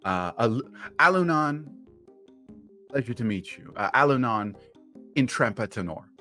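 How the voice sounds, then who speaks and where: Man voicing a condescending elven woman scholar, sarcastic, slow delivery. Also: medium pitch, animated, bright, forceful tone, faint music behind. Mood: dismissive.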